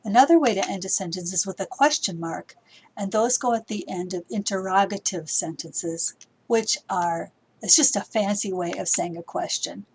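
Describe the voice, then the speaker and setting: A woman's voice: medium pitch, normal speed, darkish tone, a little hiss or hum, rough recording. A woman teaching writing to middle schoolers, explaining step by step while she edits. She sometimes reads the example sentences aloud with acted emotion. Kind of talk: recorded grammar lesson for middle schoolers.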